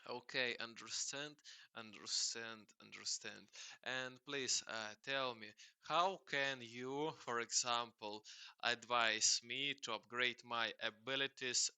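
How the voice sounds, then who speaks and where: A man chatting casually with hesitant, halting speech full of fillers and repeats. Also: medium pitch, fairly even intonation, bright, forceful tone, clean tone, no room sound. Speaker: host questioning a chatbot. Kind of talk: casual chat.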